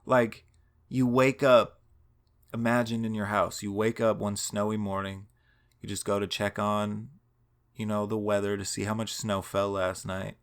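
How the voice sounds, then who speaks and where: A man's voice: lowish voice, flat delivery, measured pace, smooth. A man telling a long story in a casual, rambling and profane way, laughing now and then.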